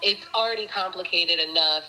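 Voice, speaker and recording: Woman, low and bright, telling a rambling personal story on a podcast. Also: moderate pace, a little hiss or hum, rough recording. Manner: chatty, rambling, many fillers and restarts. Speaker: guest. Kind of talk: casual storytelling interview.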